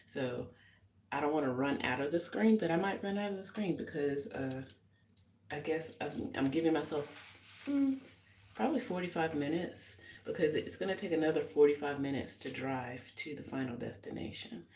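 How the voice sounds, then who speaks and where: A woman's voice: low voice, expressive, normal speed, a little mellow, roomy sound, slight background noise, rough recording. A woman musician chatting casually in a live get-ready-with-me vlog, rambling and reflective with many fillers. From United States. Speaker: musician and vlogger. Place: small hotel bathroom indoors.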